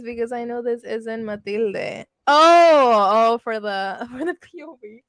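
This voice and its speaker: A woman's voice: a little high, big pitch swings, takes it slowly, fairly bright tone, no echo, studio quality. A young woman chatting casually with her livestream audience, laughing often and swearing freely. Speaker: livestream host reading with chat. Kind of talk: casual chat.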